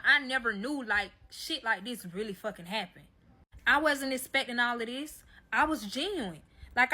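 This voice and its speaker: A woman's voice: on the high side, bright, forceful tone. A woman telling a personal story in a casual monologue, swearing a lot and talking straight to her listeners as y'all. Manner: profane, emphatic, addresses listeners as y'all.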